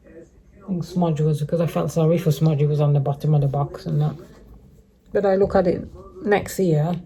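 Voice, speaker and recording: A woman's voice: low-pitched, vocal fry, dark tone. A middle-aged woman vlogging a casual update to her viewers, rambling and repeating herself, with many restarts. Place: living rough on the streets.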